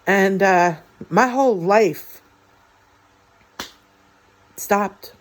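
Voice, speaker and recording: A woman in her forties from the United States telling a personal story from her life, halting and heartfelt, with many fillers and restarts. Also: mid-range voice. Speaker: vlogger.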